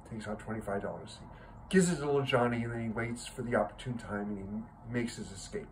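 A man's voice: medium pitch, fast talker, a little hiss or hum, rough recording. A man in his sixties at home, casually telling a joke to his viewers with a self-amused chuckle. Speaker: joke teller.

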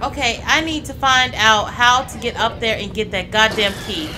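A woman playing a horror game, reacting out loud and swearing when startled. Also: fairly high pitch, normal speed. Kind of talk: let's play commentary. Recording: background noise under the voice.

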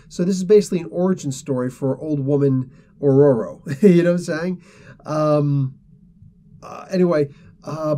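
A man's voice: a little high, warm tone. A man hosting a casual comic book review, retelling a story in a rambling way full of fillers.

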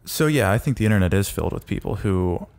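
A man co-hosting a podcast in casual chat, talking haltingly with many pauses and restarts. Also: on the low side, lively intonation, vocal fry, darkish tone. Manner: hesitant, lots of ums and restarts. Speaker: podcast co-host.

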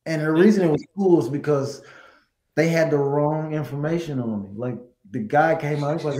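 A middle-aged man, a guest singer, telling stories in a casual interview, animated and laughing. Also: fairly high pitch, a little fast, reverberant, low-quality recording.

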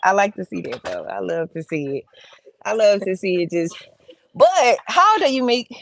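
Animated woman chatting, laughing often. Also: medium pitch, normal speed, creaky, dry recording. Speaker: livestream co-host. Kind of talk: casual chat.

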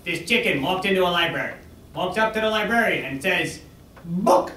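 A man's voice: high-pitched, animated, brisk, pushed and bright. Man rambling through a corny joke. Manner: eager, rambling joke delivery. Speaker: joke teller. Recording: echoey room, distant mic.

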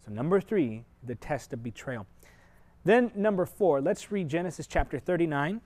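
A man preaching a televised sermon, speaking to viewers directly and personally, moving from loud emphatic points to quiet, confiding asides. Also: on the high side, expressive, moderate pace. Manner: earnest, shifts sharply between loud emphasis and quiet asides.

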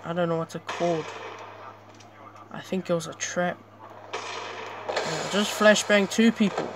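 A young male gamer talks through his match at home, drawling slowly, then bursting into loud yelps whenever something happens. A steady hiss of background noise sits under his voice. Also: high voice. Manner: excitable, sudden yelps and exclamations, chatty asides. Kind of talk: live gameplay commentary.

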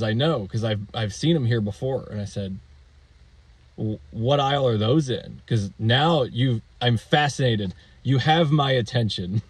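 A man's voice: mid-range voice, fairly quick, slightly rough, dry recording. A man vlogging about a DIY project, telling a shopping story in a casual, rambling, amused way with fillers and restarts.

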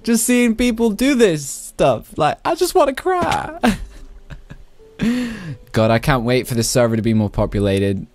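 A man casually commentating his own Minecraft play, excitable and laughing often. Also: a little high, measured pace, long pauses. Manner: excitable, laughs often, shrieks when startled. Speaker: Minecraft YouTuber.

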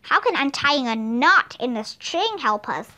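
A woman gives voice to a cautious, questioning young boy in a storybook reading. The voice is high and bright, with a lively pitch. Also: measured pace, heavily acted. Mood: worried. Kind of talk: storybook read-aloud.

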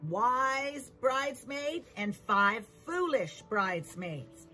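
A woman giving a children's Bible lesson as a church teacher, telling the story with slow emphasis. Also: a little high, a bit bright, poor audio.

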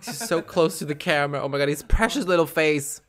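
A man's voice: fairly high pitch, lively intonation, fairly quick, fairly bright tone. Giddy swearing man reacting to clips. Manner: giddy, swears and laughs often. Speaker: reaction video host. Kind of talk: casual reaction commentary.

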